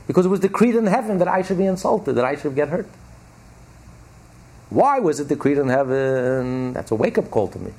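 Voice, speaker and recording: A man's voice: fairly high pitch, sing-song, a little fast, warm tone, husky. A man teaching as a rabbi, giving an emphatic religious lecture full of rhetorical questions and repetition.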